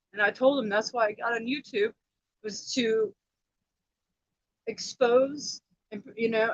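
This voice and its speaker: A woman's voice: on the high side, no echo, muffled recording. An emotional woman in her thirties, rambling on a personal livestream about her family, upset and close to tears. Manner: rambling, emotional, repeats herself. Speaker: livestream host.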